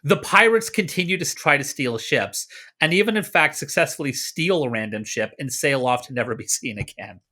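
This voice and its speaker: Man, from Canada, podcast co-host, bright tone, lively storytelling, jokey asides. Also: on the high side, fairly quick. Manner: animated, jokey, slips into mock voices for quotes. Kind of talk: casual history storytelling.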